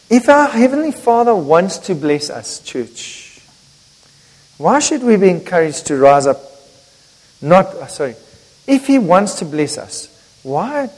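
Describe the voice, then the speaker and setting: An older man preaching a sermon to his congregation, emphatic and joking, swinging between loud and hushed delivery. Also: high-pitched. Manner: jokes and talks directly to the congregation. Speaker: pastor. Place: church hall. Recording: reverberant church hall.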